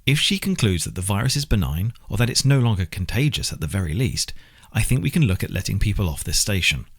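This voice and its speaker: A man giving voice to an anxious compliance officer, earnest and insistent, his delivery lively and rising. A husky audiobook character pleading the case for caution. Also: lowish voice, quick pace, voice pushed up, exaggerated voice. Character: anxious male compliance officer, expectant father.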